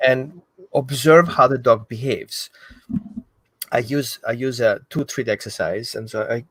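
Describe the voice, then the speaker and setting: A man explaining dog training in an animated way, acting out what the dog thinks. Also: medium pitch, a little slow, breathy edge, dry recording. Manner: animated, acts out the dog's thoughts. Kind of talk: explanatory talk.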